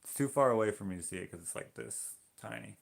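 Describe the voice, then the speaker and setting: This man, a Canadian livestream host, paints on stream and casually reads viewer comments aloud, joking back at them. He talks fast in a creaky voice that sits on the low side.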